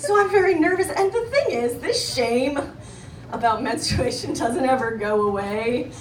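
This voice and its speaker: A young woman performs stand-up, acting out the voices in her story. Her voice sits a little high, and it is picked up from a distance in a reverberant club. Audience noise is clearly audible behind her. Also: moderate pace. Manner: animated storytelling with voiced quotes and laughter. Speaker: stand-up comedian. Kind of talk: stand-up comedy set. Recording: roomy live venue from a distance, audience noise.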